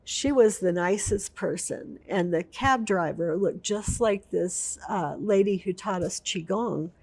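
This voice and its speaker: A woman's voice: medium pitch, unhurried, darkish tone, breathy edge. A woman veteran telling an emotional personal story in an interview, vividly and with repetition. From United States.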